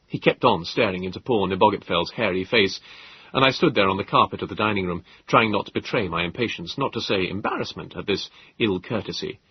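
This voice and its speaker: A man narrating an audiobook in a measured, expressive storytelling manner. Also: on the low side, husky, lo-fi sound. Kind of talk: scripted narration.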